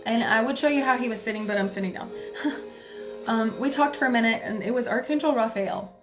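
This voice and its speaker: Woman spiritual reader, higher voice, loose chatty storyteller. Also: fairly quick, music in the background. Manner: chatty, many filler words, soft laughs. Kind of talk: casual storytelling to viewers.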